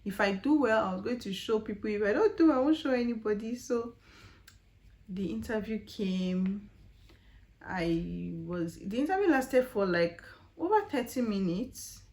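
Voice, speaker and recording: A woman's voice: mid-range voice, a little slow. Chatty Nigerian woman telling a story. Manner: chatty, animated, with frequent fillers and rhetorical questions. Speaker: vlogger. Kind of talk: casual storytelling vlog.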